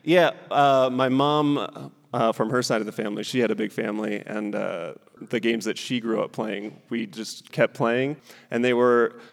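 A man's voice: mid-range voice, normal speed, gravelly, big-room sound. A man in his thirties from Southern California, telling stand-up stories and laughing as he talks. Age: 30s. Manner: laughing, animated storytelling with character voices. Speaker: stand-up comedian and guest. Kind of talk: stand-up set then talk-show chat. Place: theater stage.

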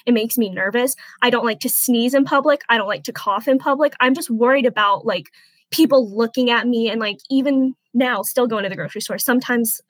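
A woman's voice: a little high, no room sound, poor audio. Earnest young woman sharing a hurtful experience. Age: 20s. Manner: earnest, halting, softly emotional. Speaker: interviewee. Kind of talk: emotional personal testimony.

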